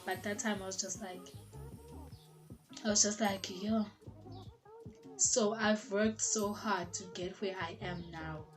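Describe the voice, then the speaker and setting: A woman's voice: mid-range voice, fairly even intonation, unhurried. A young woman from South Africa with a South African accent, telling a personal story in casual storytime style and slipping Zulu words into her English. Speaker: vlogger. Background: background music.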